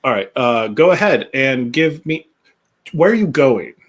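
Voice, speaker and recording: A man running a tabletop role-playing game, narrating scenes slowly and deliberately. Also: mid-range voice, sing-song, husky. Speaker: game master.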